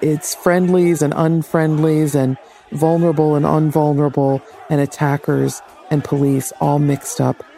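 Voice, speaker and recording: A man with a gravelly, mellow voice lays out a news account in a measured, analytical way. His voice sits slightly high. Faint music and crowd sound linger behind him. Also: level tone, slight background noise. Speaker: reporter.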